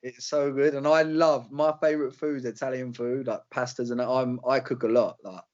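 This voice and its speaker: A man's voice: mid-range voice, steady tone, normal speed, a little mellow, lo-fi sound. A young British man, a fighter, chatting casually in an interview, rambling with slang and fillers. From Britain. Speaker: UFC fighter guest.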